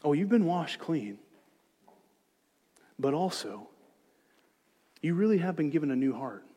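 A man preaching a sermon as pastor, moving between hushed, gentle reassurance and loud, emphatic exhortation. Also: on the high side, sing-song, a little slow, breathy edge, long reverb tail. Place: church sanctuary.

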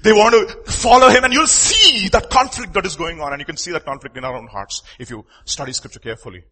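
Animated, husky male preacher. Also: sits high. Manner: animated, swings from loud emphatic lines to quiet asides, acts out quoted voices. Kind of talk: sermon.

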